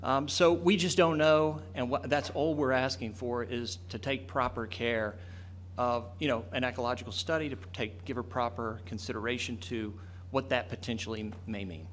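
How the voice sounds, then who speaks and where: A man's voice: medium pitch, fairly even intonation, normal speed, a bit bright, slight background noise. A man speaking earnestly as a resident during public comment at a meeting. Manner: earnest, reasoned pleading. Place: council meeting room.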